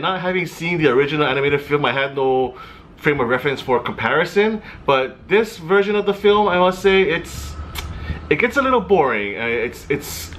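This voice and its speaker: A man's voice: medium pitch, a bit bright, slight background noise. A man giving a casual movie review, chatty and a little hesitant, with fillers and restarts.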